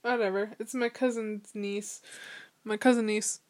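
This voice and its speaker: A young woman in a casual chat, animated and giggly, acting out the people in her stories. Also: mid-range voice, measured pace. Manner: giggly, animated storyteller who acts out quotes.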